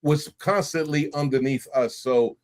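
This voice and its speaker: Middle-aged man, from New York, animated storyteller, slightly high voice, laughs a lot. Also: a little slow. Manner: animated, laughs often, acts out voices in his stories. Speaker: podcast guest. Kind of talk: casual interview storytelling.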